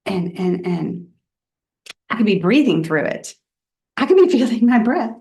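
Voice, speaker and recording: A woman reverend giving a personal Dharma talk in a candid, reflective storytelling way. She often drops soft and quiet. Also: mid-range voice, sing-song, measured pace.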